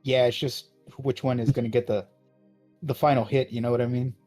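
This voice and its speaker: A man's voice: mid-range voice, level tone, fairly quick, a little mellow, dry recording, soft background music. A man co-hosting a casual podcast, trading crude jokes and banter. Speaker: podcast co-host.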